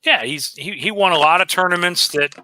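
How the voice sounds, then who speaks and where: A man's voice: sits high, a little fast, sharp tone, dry recording. A man in casual chat, easygoing and chatty.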